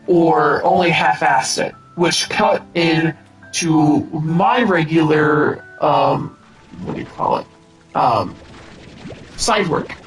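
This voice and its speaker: A man in his thirties from the United States, chatting casually on a game stream in a fairly high voice. He talks slowly and rambles, swearing freely and filling gaps with ums and restarts. Faint game music plays underneath. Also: fairly bright tone, poor audio. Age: 30s. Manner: rambling and profane, with many fillers and restarts.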